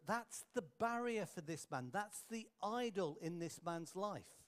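A male preacher with a somewhat high voice, telling anecdotes in an earnest sermon. He turns quiet and slow for his key points. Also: expressive. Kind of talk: storytelling sermon.

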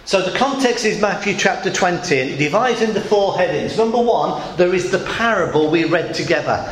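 High-voiced preacher in an echoey hall. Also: male voice, animated, fairly quick. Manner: conversational preaching with rhetorical questions and quoted voices. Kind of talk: sermon. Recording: echoey hall with faint noise.

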